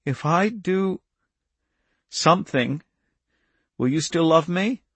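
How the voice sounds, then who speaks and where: A man voicing a frightened little girl, thin and high, pleading. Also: animated, slow, fairly bright tone, husky, no echo, heavily acted.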